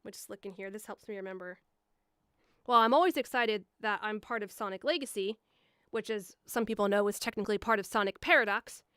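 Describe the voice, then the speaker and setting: A young woman voice actor chatting on a live stream, rambling casually with lots of fillers and bursting into higher voices to act out quoted lines. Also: a little fast, fairly bright tone, clear, resonant tone, dry recording, studio quality. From Milwaukee area. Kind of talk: casual live-stream chat answering viewers. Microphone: studio mic, a foot away.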